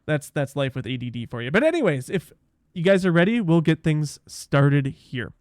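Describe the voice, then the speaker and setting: A man's voice: fairly high pitch, sing-song, normal speed, no room sound, clean studio sound. A male podcast host chatting casually with guests, rambling and interrupting himself, then narrating a script. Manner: rambling, self-interrupting, laughs easily.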